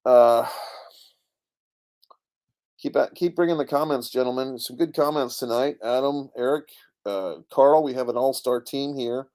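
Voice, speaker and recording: A middle-aged man reads chat comments aloud while rambling about a comedy special on his casual live stream. His mid-range, slightly mellow voice moves at a measured pace with frequent pauses.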